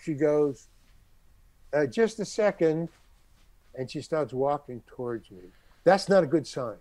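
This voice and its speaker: A man's voice: on the high side, unhurried, no room sound. An older man, a character actor, telling a story from his career in a casual interview and acting out what others said. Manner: animated anecdote-telling, acting out quoted voices.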